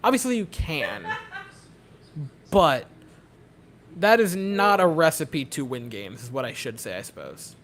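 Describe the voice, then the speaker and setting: A young man chatting casually at a home watch party, giving a nervous, excitable running commentary on a baseball game. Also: mid-range voice, unhurried. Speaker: host. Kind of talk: casual chat.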